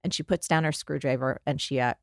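A woman in her forties from New Jersey, a guest author and life coach, telling animated stories in an interview and acting out the voices in them. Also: rumbling low, fast, no echo, clean studio sound. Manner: lively, acts out voices in her anecdotes.

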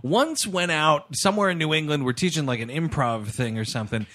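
A man's voice: a little high, a little fast. A man co-hosting a casual movie podcast, joking and swearing freely. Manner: excitable, profane, jokey. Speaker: podcast co-host. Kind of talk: casual chat.

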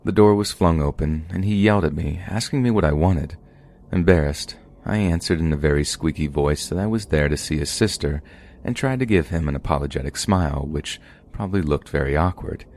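A man reads true horror stories for his podcast in a voice that sits at the very bottom of the male range. His delivery is steady and measured, the tone of a scripted narration. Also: very deep voice. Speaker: podcast host reading stories.

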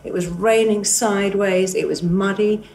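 A woman's voice: medium pitch, steady tone, moderate pace, darkish tone. A woman therapist giving an earnest, emphatic motivational talk, repeating key phrases and acting out inner voices. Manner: acts out inner voices and dialogue. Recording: distant mic with faint background noise.

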